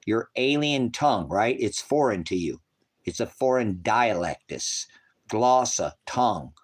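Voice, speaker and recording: A man's voice: animated, a little slow, breathy edge. Man, livestream preacher, crude and combative, swears freely, reads and mocks chat comments. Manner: profane, mocking, combative; mocks others in shrill put-on voices. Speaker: online preacher.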